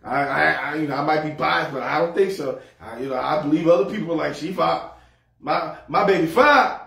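A man's voice: fairly high pitch, fairly quick, vocal fry, pushed and bright. A man preaching a sermon as pastor, humorous and folksy, repeating words as he goes. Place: church sanctuary. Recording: echoey hall, mic far off.

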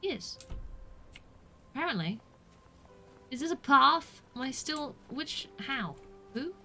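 A young woman streamer from the UK narrates her play in a high, bright voice, joking at herself and letting out squeals under attack. Soft game music plays behind her. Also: very animated, takes it slowly. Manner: chatty and self-mocking, with squeals when attacked. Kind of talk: casual gameplay commentary.

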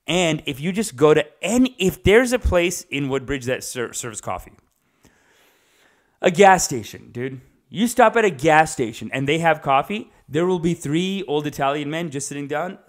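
A male stand-up comedian delivering a rambling comic monologue in a casual, animated way, digressing often and swearing freely. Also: a little high, moderate pace.

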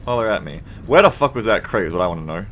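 An Australian man live-streaming a game, bantering with his viewers in a profane, sarcastic and animated way. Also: on the low side, very fast.

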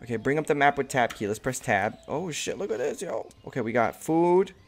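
A man casually commentating his own game playthrough, excited, slangy, and swearing freely. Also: medium pitch, fairly quick, gravelly. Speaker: gamer. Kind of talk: casual let's play commentary.

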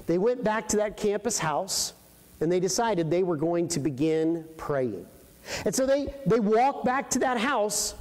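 A man preaching a sermon, telling a story and slowing down for emphasis, sometimes asking the congregation questions. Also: high-pitched, a little mellow. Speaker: pastor. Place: church sanctuary. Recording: long reverberant church hall.

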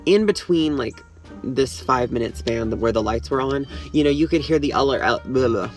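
A man's voice: mid-range voice, expressive, brisk, faint music behind. Fields: A man vlogging from a car, telling a story in a rambling way full of "like". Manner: rambling, full of "like", laughs often. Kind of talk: casual storytelling. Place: inside a parked car.

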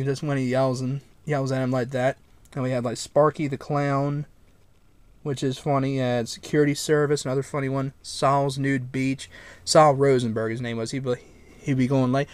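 A man's voice: medium pitch, steady tone, normal speed, clean tone, no echo. A man casually showing his collection, talking in a rambling, easygoing way. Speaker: vlogger. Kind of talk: casual show-and-tell.

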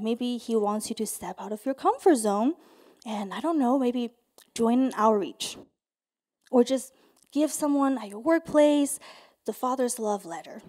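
A young adult woman pastor preaching a sermon, earnest and soft in prayerful passages, lively and loud when telling stories. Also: fairly high pitch, husky. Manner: storytelling, gets loud and animated in anecdotes.

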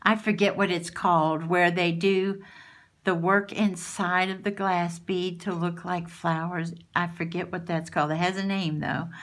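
A woman's voice: fairly low pitch, a bit bright. A woman, chatting at home as she unboxes crafty mail and gushes over each item. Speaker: craft channel host. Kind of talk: casual unboxing chat.

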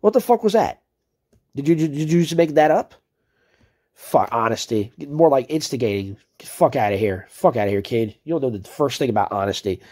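Ranting, profane man with a mellow voice. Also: mid-range voice, animated, brisk. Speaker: video creator. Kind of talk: angry commentary on read-out chat messages.

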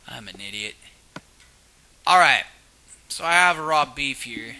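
A man playing a video game and commenting, excitable, often shrieking and yelling at monsters. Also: mid-range voice, slow pace, long pauses. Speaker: let's player. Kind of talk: casual gaming commentary.

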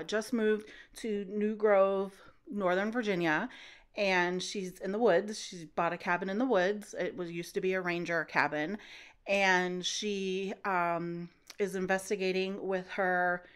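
Chatty woman with a smooth voice. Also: mid-range voice. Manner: chatty, acts out characters' lines in quick voices; loose and rambling, many fillers. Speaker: podcast host recapping a book. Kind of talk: casual book recap.

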